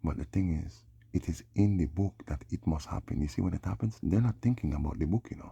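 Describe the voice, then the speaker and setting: A man with a very deep, gravelly voice that sounds dark and husky. He rambles through a loose solo monologue, drawling and tossing in a questioning "hmm?" between thoughts. The sound is close and dry. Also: fast, hardly any pauses, dry recording, muffled recording. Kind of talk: rambling monologue on names and prophecy.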